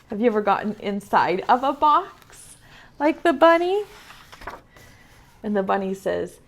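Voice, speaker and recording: A woman teaching preschool over a video call, reading a picture book aloud in a gentle, playful way and asking the children questions. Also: medium pitch, big pitch swings, slow pace.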